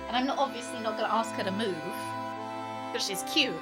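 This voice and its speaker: A woman's voice: a little high, fairly quick, loud music behind the voice. A woman streaming live, chatting casually, cooing at her dog in baby talk and giggling as she thanks her viewers.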